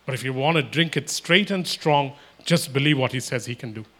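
A man's voice: mid-range voice, a little fast, fairly bright tone. A man preaching a sermon, emphatic and repetitive, acting out imagined everyday exchanges.

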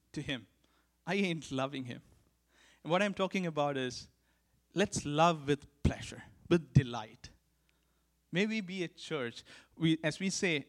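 A man preaching to his church in an earnest sermon, his voice sitting a little higher than most men's. He drives his points home by repeating them. He shifts between forceful calls to act and soft, close asides. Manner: earnest, repeats key lines for emphasis; swings from emphatic to hushed. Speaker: pastor.

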